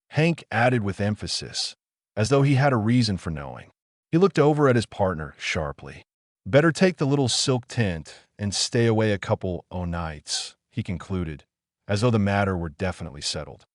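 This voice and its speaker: A man reading a horror audiobook in a measured, somber storytelling manner. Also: lowish voice, dry recording, studio quality. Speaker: narrator. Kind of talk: scripted horror audiobook narration.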